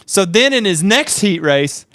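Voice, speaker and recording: A man co-hosting a podcast, telling stories in a lively, animated way and acting out the people in them. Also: high voice, unhurried, dry recording. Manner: animated storyteller, acts out shouts and quotes. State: sleep deprived. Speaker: podcast co-host. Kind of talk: casual chat.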